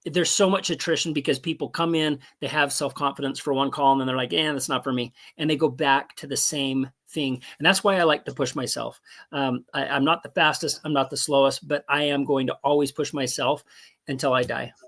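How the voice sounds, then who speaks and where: A man's voice: medium pitch, steady tone, a little fast, a bit bright. A man in his seventies, speaking as a guest on a video call in an earnest, folksy, encouraging way. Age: 70s. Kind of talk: casual motivational talk.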